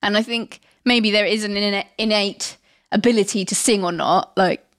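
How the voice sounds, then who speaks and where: A young woman co-hosting a podcast in casual chat, chatty and quick to laugh. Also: medium pitch, steady tone, no room sound, clean studio sound. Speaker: podcast co-host.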